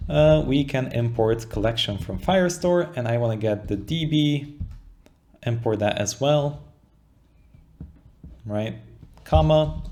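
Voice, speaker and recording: A man's voice: mid-range voice, slight background noise. A young man explaining code in a casual walkthrough, thinking aloud and often checking in with "right?". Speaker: coding tutorial instructor. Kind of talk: casual screen-share coding walkthrough.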